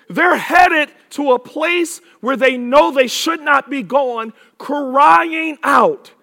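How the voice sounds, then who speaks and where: A man preaching a sermon with emphatic repetition, drawing words out and rising to shouts. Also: very high-pitched, expressive, slow pace.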